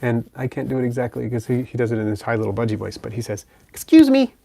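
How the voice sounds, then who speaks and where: A man runs a pet channel livestream, reading viewer comments in a relaxed, chatty manner and cooing softly to his pet bird. His mid-pitched voice is creaky and husky, and he talks in a rapid-fire rush.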